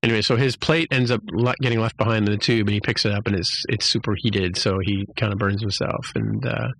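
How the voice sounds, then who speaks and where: Low-voiced man rambling through a recap. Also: fairly even intonation, fast talker, creaky, fairly bright tone, no echo. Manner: rambling, many fillers and restarts, acts out quotes. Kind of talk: casual episode recap.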